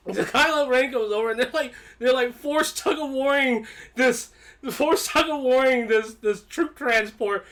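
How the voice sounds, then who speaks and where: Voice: high voice, a bit bright. A reviewer giving a casual spoken film review in a rambling, offhand way, with many restarts and repeated words. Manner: candid, offhand and chatty. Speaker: movie reviewer.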